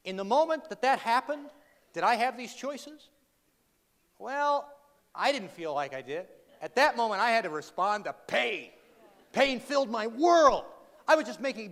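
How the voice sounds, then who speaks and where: His voice sits high and a bit bright as he entertains a live audience in a large hall with a funny keynote story. He slips in dry sarcasm and quizzes the crowd along the way. The recording echoes with hall reverb and faint noise.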